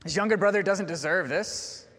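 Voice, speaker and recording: A man with a high voice delivers a sermon in an earnest, questioning manner. His words echo with a long reverb through a church sanctuary. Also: normal speed, a bit bright. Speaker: preacher.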